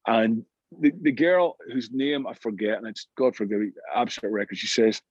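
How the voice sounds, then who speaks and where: Scottish man, middle-aged, husky anecdotal guest, dry dull sound. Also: mid-range voice, moderate pace, no echo. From Scotland. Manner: lively anecdotal storytelling with frequent restarts. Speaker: guest musician. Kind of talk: storytelling interview.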